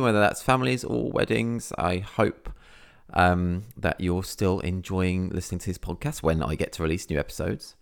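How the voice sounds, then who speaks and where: A man's voice: sits low, normal speed, vocal fry. A man hosting a podcast from England, a wedding photographer ad-libbing in a casual, rambling way with lots of fillers. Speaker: podcast host.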